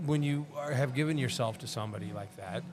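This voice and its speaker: A man's voice: medium pitch, quick pace, music in the background. A man co-hosting a casual podcast chat, talking emphatically and philosophizing about people. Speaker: podcast co-host.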